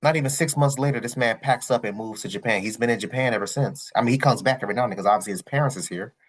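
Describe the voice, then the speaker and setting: A man's voice: medium pitch, very fast, slightly rough. A man hosting a casual reaction commentary, rambling and candid, full of slang, repeating his points. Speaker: reaction channel host.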